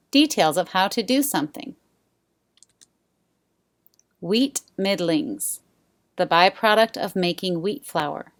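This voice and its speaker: Slow, low-voiced woman giving definitions. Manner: slow, measured, quiet. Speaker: vocabulary explainer. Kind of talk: reading word definitions.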